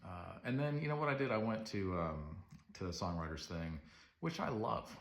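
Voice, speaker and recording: Earnest male vlogger, low voice, casual rambling story, roomy reverb. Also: big pitch swings, moderate pace. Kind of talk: casual confessional monologue. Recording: roomy echo.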